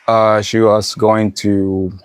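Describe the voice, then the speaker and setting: Young Nicaraguan man, low flat voice. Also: clean tone, dry recording. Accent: Nicaraguan Spanish. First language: Spanish. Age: young adult. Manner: halting, restarts often while recalling. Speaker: interviewee. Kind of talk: casual interview.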